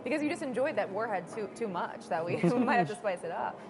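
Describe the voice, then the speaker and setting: Bubbly, lively woman game host. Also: mid-range voice, fast talker, a loud crowd. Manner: bubbly, laughs often, cheers guest on. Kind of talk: playful game-segment hosting.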